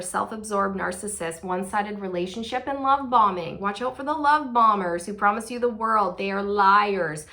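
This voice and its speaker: A woman's voice: medium pitch, sharp tone. A woman giving a casual tarot reading, chatty and sassy, with playful laughing asides. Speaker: tarot reader.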